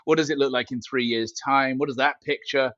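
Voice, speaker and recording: A man's voice: mid-range voice, steady tone, a little fast, a bit bright, no room sound. Ceo guy chatting on a podcast, jokey, rambles, dull dry headset mic sound. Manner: joking, self-mocking, rambling with fillers. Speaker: company CEO guest. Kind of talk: casual interview chat. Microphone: glasses-frame headset mic.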